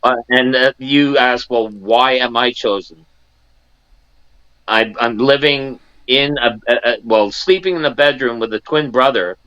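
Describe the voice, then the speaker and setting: A man's voice: medium pitch, normal speed, few pauses, a bit bright, clear, resonant tone, dry recording, highs cut off. A man in his sixties from Canada, a guest in an interview, telling a personal story and acting out the family members he quotes, with many restarts. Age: 60s.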